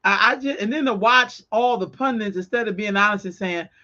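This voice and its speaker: A woman's voice: medium pitch, brisk, pushed and bright, lo-fi sound. A woman co-hosting a podcast in casual chat, talking bluntly and emphatically with plenty of profanity. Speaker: podcast co-host.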